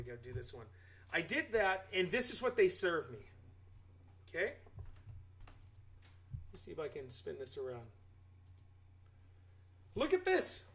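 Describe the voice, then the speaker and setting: Animated man ranting on a live stream. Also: sits high, poor audio. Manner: animated, exclaiming rant to chat. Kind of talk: casual live-stream chat.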